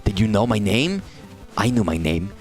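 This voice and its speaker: A man putting on a slow, self-important doctor who keeps repeating his own name. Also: fairly low pitch, sing-song, faint music behind. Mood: droning. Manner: slow, droning, repetitive.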